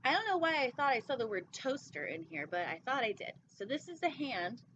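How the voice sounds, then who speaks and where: A woman's voice: high-pitched, big pitch swings, fairly quick, fairly bright tone, slight background noise. A woman hosting a casual storytime, reading a picture book with goofy, rambling asides. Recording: dull lo-fi recording.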